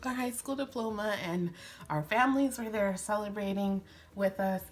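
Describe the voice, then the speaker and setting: A woman's voice: medium pitch, normal speed. A young woman vlogging as she does her makeup, telling a sweet love story in a casual, emotional way, teary and slipping into whispers now and then. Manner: emotional, tearful, breaking into whispers and laughs. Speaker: beauty vlogger. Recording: faint background music.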